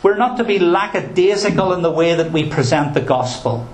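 A man's voice: on the high side, animated, brisk. A male pastor preaching a sermon in an earnest, emphatic way, with touches of dry humor. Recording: roomy echo.

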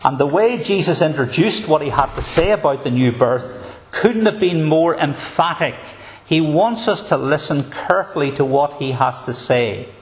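A man, a pastor, preaching a sermon in an emphatic, measured way with deliberate pauses. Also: a little high, expressive.

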